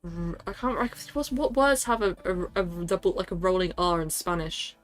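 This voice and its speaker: A woman's voice: on the low side, animated, moderate pace, soft background music. A woman streaming live, chatting casually with a scattered, self-interrupting manner and frequent laughter. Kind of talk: casual livestream chat.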